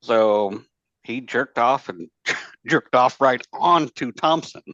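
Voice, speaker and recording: A man's voice: medium pitch, expressive, takes it slowly, fairly bright tone. A man chats casually as a guest on a podcast, swearing freely and circling back on his words. The sound is muffled and lo-fi, with no room echo at all. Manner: rambling, profane, many fillers and restarts. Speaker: podcast guest, former Marine. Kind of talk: casual storytelling chat. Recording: dull lo-fi dry sound.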